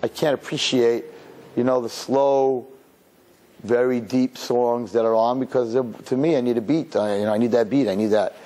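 A middle-aged man, a rabbi, preaching a sermon in an animated, storytelling way, laughing and quoting himself. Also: medium pitch, moderate pace.

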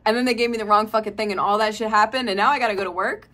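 A woman's voice: medium pitch, steady tone, very fast, sharp tone. A young woman vlogging casually, ranting with lots of swearing and dramatic swings from mumbled complaints to shrieks. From Tampa area, Florida.

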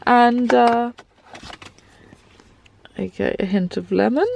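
Chatty woman with a gravelly voice. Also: medium pitch, slow, pauses often, darkish tone. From England. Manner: chatty, gushing, frequent ums. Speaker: vlogger. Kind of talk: casual car tour vlog. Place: inside a parked car.

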